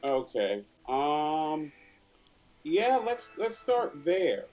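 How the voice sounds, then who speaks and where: Slow, hesitant male player. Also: a little high, very animated, a little mellow, soft background music. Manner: hesitant, many ums. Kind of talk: casual chat in a tabletop game.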